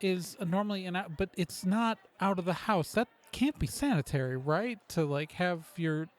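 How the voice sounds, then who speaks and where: Casting: high-voiced man, tabletop player, quizzing in character with suspicious, chatty questions. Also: moderate pace. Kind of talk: in-character tabletop role-play.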